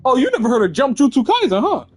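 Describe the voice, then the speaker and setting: A man's voice: very high voice, wildly swooping pitch, fast, breathy edge, faint music behind, pitched above the performer's own voice, full character voice. A man putting on the voice of a cocky teenage big brother taunting a bully. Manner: taunting, swaggering.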